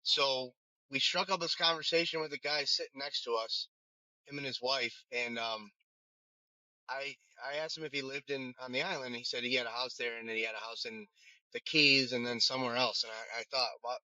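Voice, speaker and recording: A man's voice: mid-range voice, fairly even intonation, fairly quick, pushed and bright, no echo. A man, a firefighter who runs a vending business, telling his story in a casual interview with many restarts and fillers. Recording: dull, lo-fi sound.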